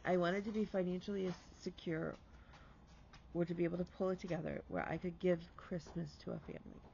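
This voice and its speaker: A man's voice: sits high, level tone, fairly quick, vocal fry, darkish tone, muffled recording, slight background noise. A man hosting a stitching vlog, telling a heartfelt story in casual chat and dropping to a whisper for emphasis.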